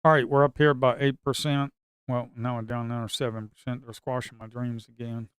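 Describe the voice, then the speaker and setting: A man talks through his trades live, complaining about a stuck market and calling out to his viewers. His voice is smooth and clear at an ordinary pitch. The recording is dry and close. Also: brisk, no room sound. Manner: grumbling, talks to viewers as folks, sudden excited outbursts. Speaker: day trader streaming live. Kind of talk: casual live market commentary.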